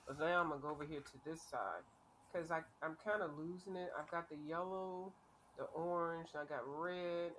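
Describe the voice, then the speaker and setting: A woman's voice: lowish voice, a bit bright, slight background noise. A woman hosting a livestream, chatting casually and playfully while coloring, laughing often. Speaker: host.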